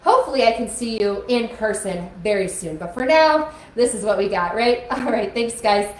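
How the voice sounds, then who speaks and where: A woman's voice: on the high side, animated, moderate pace. A young woman teaching a kids' music lesson on a live stream, coaxing children to join in with motions. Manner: upbeat, coaxing, talks to kids with motions. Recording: echoey room with faint music.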